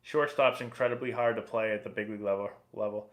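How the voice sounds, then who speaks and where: A man in his thirties hosting a casual live stream, reading viewer questions aloud and answering in a relaxed, chatty way. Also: on the low side, fast talker. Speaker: livestream host and former pro baseball player.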